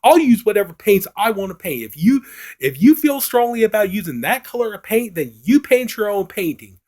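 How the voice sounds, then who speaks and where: A man's voice: high voice, very animated, brisk, a little mellow, pitched above the performer's own voice, full character voice. A man voicing a frustrated young woman model who scolds her partner in exasperation. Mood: defiant.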